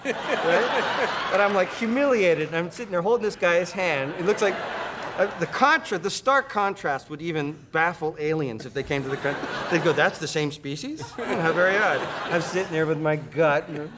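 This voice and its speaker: A man from Canada, a talk-show guest, telling a comic story with lively acted-out voices. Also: a little fast. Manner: animated, acts out voices with high shrieks. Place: TV studio with live audience. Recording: TV studio audio, crowd and noise. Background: audience laughter.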